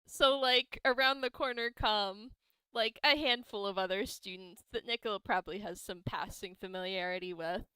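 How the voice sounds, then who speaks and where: A woman's voice: medium pitch, moderate pace, bright, forceful tone, smooth, dry recording, low-quality recording. A woman narrating as game master of a tabletop role-playing game, casual with many fillers and frequent laughs.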